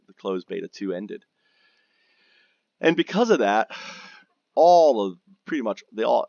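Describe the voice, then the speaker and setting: Gravelly, rambling, profane man. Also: fairly low pitch, no echo. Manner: profane, rambling, with frequent restarts and fillers. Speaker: gamer recounting guild drama. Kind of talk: casual rambling storytelling. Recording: dry, dull lo-fi mic.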